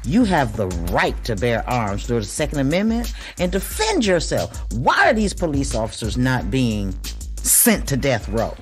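A woman hosting a podcast, talking bluntly in a casual, profane monologue that swings between loud and hushed. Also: very deep voice, big pitch swings, measured pace, soft background music. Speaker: podcast host.

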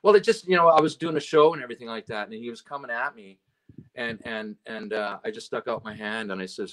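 Chatting casually as a guest, a Canadian road and stage manager rambles through his stories, full of "you know" and "right?". He talks fast, with a fairly low pitch and fairly bright tone.

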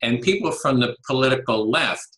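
Bright-voiced hesitant male host. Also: mid-range voice, animated, moderate pace, low-quality recording. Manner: hesitant, restarts often, gives many "mm-hmm" backchannels, laughs lightly. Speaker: interview host. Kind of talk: conversational interview talk.

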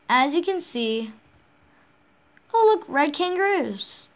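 A woman's voice: high-pitched, big pitch swings, slow pace, pauses often. A woman hosting a casual game walkthrough, rambling along with frequent restarts and self-corrections. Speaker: game channel host.

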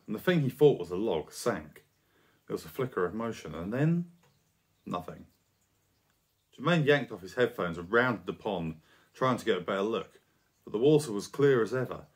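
A male storyteller reads a scripted tale at a steady pace. His pitch rises and falls a lot, which keeps the descriptive reading animated.

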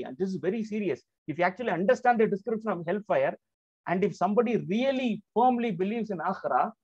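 A man's voice: sits high, slightly rough, no echo. A man giving a religious lecture as a Quran teacher. He explains step by step, often checking in with "right?" and "okay?", and leans hard on the serious points. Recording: slightly dull, dry lo-fi recording.

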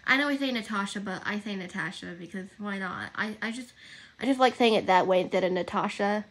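A woman's voice: mid-range voice, a little fast. A young woman chatting casually on her livestream, rambling and correcting herself as she goes. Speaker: livestream host.

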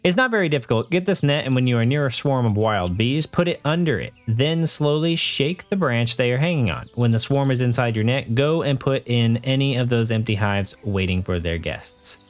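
A man voicing a friendly male bee shepherd in a fantasy game, reading his lines in a bright, lilting voice. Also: medium pitch, lively intonation, moderate pace, few pauses, lightly acted. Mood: eager.

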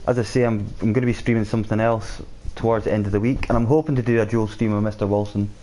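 A man plays a shooter live and keeps a relaxed chat going with viewers, reading their messages aloud and answering them. He talks fast in a lowish, mellow voice with fairly even intonation.

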